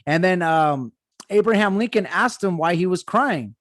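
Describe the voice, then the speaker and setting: A man's voice: sits high, expressive, moderate pace, a bit bright, no echo. A man hosting a casual podcast, recounting history hesitantly with many fillers and asides to listeners. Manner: hesitant reading-style recounting with fillers, addresses listeners as guys. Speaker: podcast host.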